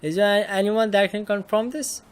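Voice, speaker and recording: A man's voice: sits high, fairly even intonation, normal speed, clean tone, pitched above the performer's own voice, lightly acted. A man voicing a young male detective who asks direct questions. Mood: probing.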